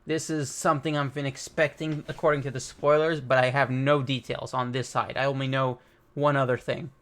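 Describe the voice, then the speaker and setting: A man's voice: medium pitch, little pitch movement, fairly quick, fairly bright tone. Casual man reading a manga aloud. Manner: casual, reads dialogue aloud with light commentary. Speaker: manga reaction host. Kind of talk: reading and reacting to a manga chapter.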